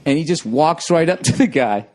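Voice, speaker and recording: A man hosting a podcast who spins a story with loose, profane comedy. His voice sits a bit high for a man. He talks casually and keeps laughing at his own tale. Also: normal speed, slight background noise. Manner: profane, animated, breaks into laughter. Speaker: podcast host.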